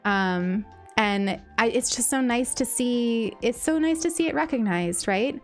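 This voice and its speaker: A woman's voice: a little high, lively intonation, unhurried. Female streamer, casual and effusive, stumbles over words, light music bed behind. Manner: gushing and grateful, many ums and restarts. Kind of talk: casual live-stream chat.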